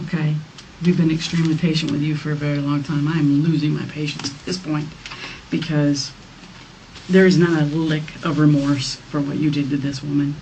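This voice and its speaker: A woman police detective with a low, warm, level voice speaks at a moderate pace as she presses a suspect during an interrogation, firm and repetitive in her accusations. The audio comes from a distant mic in a noisy interrogation room.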